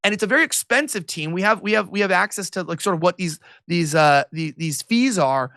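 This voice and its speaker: A male political commentator talking as an interview guest, quick and sarcastic, with a mocking edge. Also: sits high, animated, sharp tone, no room sound, studio quality. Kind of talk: animated interview talk.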